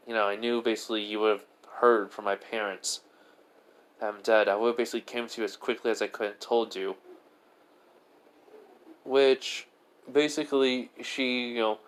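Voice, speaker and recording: A man's voice: lowish voice, smooth. A man narrating a homemade fan story in a loose, rambling way. He pads every sentence with filler words and restarts, sounding like casual talk rather than a script.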